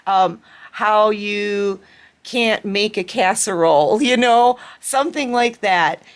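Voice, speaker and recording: A woman giving a collective tarot reading, speaking with emotion and sometimes acting out what others said. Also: medium pitch. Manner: emotional, acts out quoted pleas. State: tearful at times. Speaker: tarot reader.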